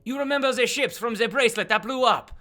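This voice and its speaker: A man voicing a flamboyant male swashbuckling duke in a fantasy tabletop game, who talks in a loud, exasperated, sarcastic way. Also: extremely high pitch, fast talker, pitched above the performer's own voice.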